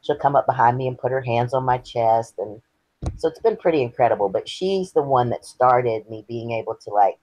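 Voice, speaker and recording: A man's voice: mid-range voice, expressive, brisk, darkish tone, dry recording, low-quality recording. A man, earnestly sharing his personal story as an interview guest. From Texas. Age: 50s. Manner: earnest, candid and reflective.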